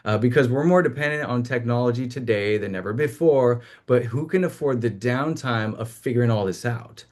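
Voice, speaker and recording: A man hosting a small business talk, speaking in a measured way with frequent fillers. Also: medium pitch, darkish tone. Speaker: host.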